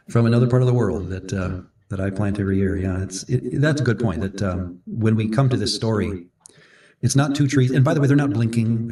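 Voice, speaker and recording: A man from Minnesota co-hosts a casual Bible discussion, his lowish, slightly mellow voice recorded from a distance. He's a chatty, rambling storyteller who often restarts sentences and corrects himself.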